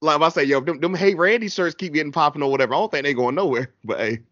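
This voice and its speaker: A man in an easygoing, slang-filled wrestling recap, laughing as he goes. His voice sits at an ordinary pitch. The recording is dull and lo-fi, with a dry close sound. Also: rapid-fire, a bit bright, no echo. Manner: laid-back, slangy, laughs often. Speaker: podcast host. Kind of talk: casual wrestling recap chat.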